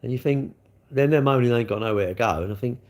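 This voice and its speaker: Casting note: middle-aged bloke, casual livestream host, rambling and chatty. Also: male voice, medium pitch, quick pace, darkish tone. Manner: rambling, chatty, reads out viewer comments.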